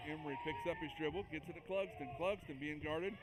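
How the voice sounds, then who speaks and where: A man doing chatty, excitable play-by-play for a school basketball game, joking with listeners between plays. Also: fairly high pitch, fast talker. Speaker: play-by-play announcer. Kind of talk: amateur basketball commentary. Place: school gym. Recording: noisy gym sound.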